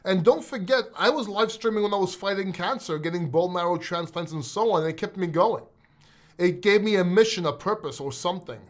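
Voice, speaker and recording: A man hosting a crypto live stream, speaking in a voice a bit higher than most men's. He is excitable and emotional, and he swears freely. He talks casually and directly to the viewers in his chat. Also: a little fast.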